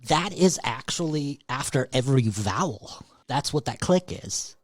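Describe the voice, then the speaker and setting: A man with a husky, slightly rough voice riffs crude jokes on a podcast. The sound is close and dry, with no room around it. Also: medium pitch, expressive, measured pace, no room sound. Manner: crude, joking. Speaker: podcast co-host. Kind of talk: casual joking chat.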